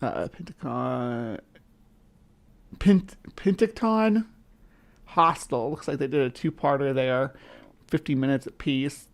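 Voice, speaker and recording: A woman's voice: extremely low pitch, darkish tone. A woman with a central US accent hosts a casual livestream and rambles freely, greeting viewers as they join. Her talk is chatty and loose, with the easy tone of a self-described skeptic. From central US, between the South and the upper Midwest. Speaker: livestream host.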